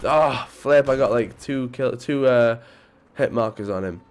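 A man with a stuffy nose from a cold, giving excitable live commentary over his gameplay, muttering one moment and yelping the next. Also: mid-range voice, a little slow. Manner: excitable, jumps between mutters and yelps. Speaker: gaming video creator.

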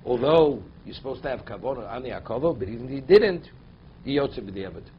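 Man, halacha class, reads text then explains it, mid-pitched voice, muffled recording, faint room noise. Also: animated, quick pace. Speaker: Torah teacher.

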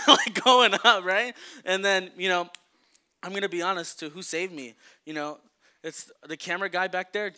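A man's voice: sits high, pushed and bright, clean tone. A young man preaching a casual, joking sermon, telling a story with lots of fillers. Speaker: youth preacher.

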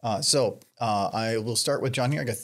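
A man's voice: medium pitch, normal speed, fairly bright tone. A young man hosting a podcast trivia segment, rambling with lots of fillers and laughs. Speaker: podcast host running trivia. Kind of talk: casual group chat.

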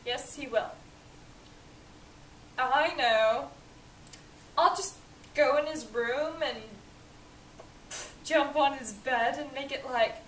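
A woman's voice: sits high, fairly bright tone. A woman playing a spoiled, petulant young boy earl in a fan cosplay skit, with a whiny, ranting manner. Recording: echoey room, voice from a distance, faint hiss.

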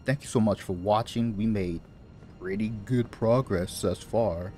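A man's voice: lowish voice, unhurried, slight background noise. A man playing a video game and commenting casually, talking to the characters and laughing to himself. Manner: animated, talks to the game, mutters and laughs. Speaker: gaming YouTuber. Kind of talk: casual let's-play commentary.

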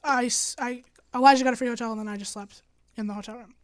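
A young woman hosting a podcast, chatting casually with a dry, sarcastic, deadpan manner and lots of fillers. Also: a little high, fast, no room sound. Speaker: podcast host.

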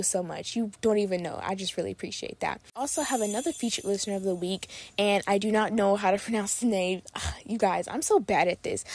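A young woman chats on her podcast in a bubbly, gushing way, with "literally" and "like" in almost every sentence. Her voice is mellow and warm. It sounds dry and close, with no room echo. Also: mid-range voice. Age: young adult. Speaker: podcast host. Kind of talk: casual podcast chat.

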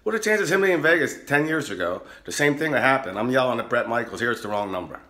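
A man telling a rowdy, profane anecdote in a casual, animated way. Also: mid-range voice, quick pace. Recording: roomy echo.

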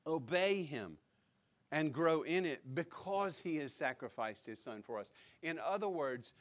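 A man preaching a sermon as pastor, emphatic, repeating key words and putting direct questions to the congregation. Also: on the high side. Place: church sanctuary.

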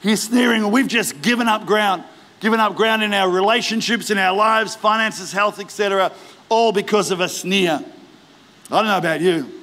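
A man preaching to a big church crowd, his voice sitting high for a man. He tells the story with lively energy and slips into character voices. At the big moments he builds to a full, ringing shout. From Australia. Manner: animated preaching, acting out biblical characters; rises to shouting exhortation. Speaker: pastor. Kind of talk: sermon. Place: large church auditorium.

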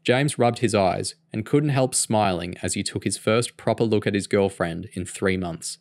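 A man reading a novel aloud in a steady, even storytelling manner. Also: fairly low pitch, normal speed, gravelly, dry recording. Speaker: audiobook reader.

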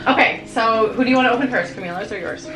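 A woman's voice: a little high, quick pace. A woman chatting casually with a friend at home, giggly and upbeat. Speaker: friend giving gifts. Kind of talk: casual chat. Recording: roomy home recording with music. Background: loud background music.

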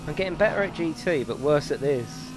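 A man's voice: on the high side, expressive, a little fast, over music. A man hosting a live racing stream from his home rig, chatting casually with viewers, swearing and exaggerating as he talks.

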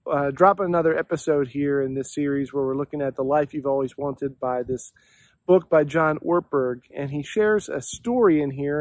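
A man's voice: on the high side, no room sound. A pastor giving an earnest, reflective devotional talk and posing questions to his listeners.

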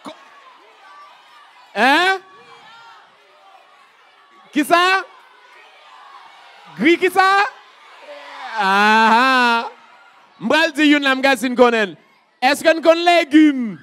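A man from Haiti, emceeing a community college event with lively, crowd-rousing energy. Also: very high-pitched, slow, long pauses, a little hiss or hum. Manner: energetic, hypes up the crowd, calls out questions.

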